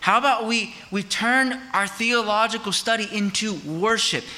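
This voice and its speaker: A man's voice: high voice, moderate pace, bright, forceful tone. A man preaching a sermon as pastor, in a conversational style that keeps asking the congregation rhetorical questions.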